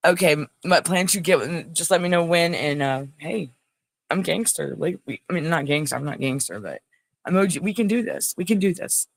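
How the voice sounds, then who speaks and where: A woman's voice: fairly low pitch, lively intonation, moderate pace, gravelly, no room sound. A woman hosting a casual livestream, chatting in a rambling way and greeting viewers by name. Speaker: livestream host. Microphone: phone.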